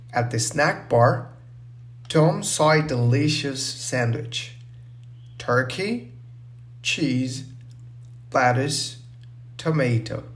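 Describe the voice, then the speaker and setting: A man narrating a simple story for English learners, slow, clear and deliberate. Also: mid-range voice.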